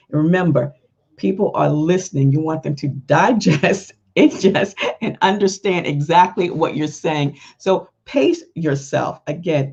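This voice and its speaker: A woman's voice: deep voice, mellow, breathy edge, dull audio. A woman hosting a podcast, giving casual, chatty advice with lots of "you know" asides. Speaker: podcast host.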